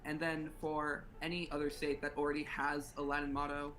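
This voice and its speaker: A man's voice: on the high side, monotone, a little fast, bright, forceful tone, a little hiss or hum, low-quality recording. A teenage young man from Nevada, answering interview questions earnestly and hesitantly, with lots of fillers. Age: teens. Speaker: interview guest, student officer.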